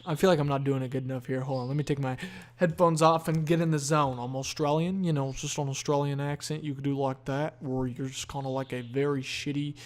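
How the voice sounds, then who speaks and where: A man's voice: on the high side, fast. A tired, yawning man hosting a solo podcast, rambling in a laid-back, profane stream of consciousness. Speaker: podcast host.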